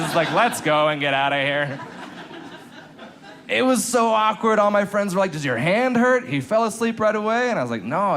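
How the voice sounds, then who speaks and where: A man performing a stand-up comedy set on a club stage, telling a story with lively swings in pitch for the excited parts. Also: background noise. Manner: animated storytelling, jumps up high in pitch for excited bits.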